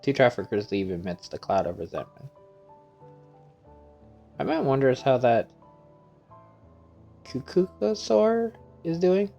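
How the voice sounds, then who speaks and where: Man, gaming channel host, reads game dialogue aloud, playful, laughs a lot, mid pitch, faint music behind. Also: very animated, unhurried, gravelly, long pauses, mellow, dull audio. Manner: playful, reads every character's lines himself and laughs often. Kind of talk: reading game dialogue aloud while playing.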